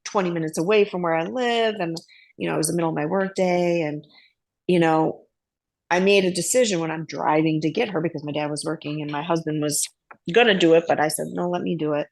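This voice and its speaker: A woman's voice: on the low side, steady tone, fairly quick, gravelly, a little mellow. A woman in an online group class telling a personal story at length, rambling, with many fillers and asides. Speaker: class participant.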